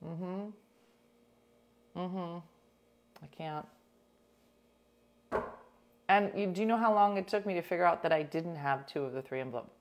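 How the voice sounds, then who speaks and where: Woman co-host with a slightly low voice, chatty and self-deprecating, relaxed conversation. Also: a little slow, pauses often, a little hiss or hum. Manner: chatty, self-mocking storytelling. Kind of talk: casual chat.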